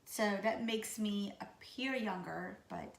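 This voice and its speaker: A woman in her late thirties from Louisiana, with a Louisiana accent, who sounds raspy and sick, chatting casually and goofily to camera about herself. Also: fairly high pitch, animated, normal speed, fairly bright tone, reverberant. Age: 30s. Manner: goofy, chatty. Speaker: vlogger. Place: room at home.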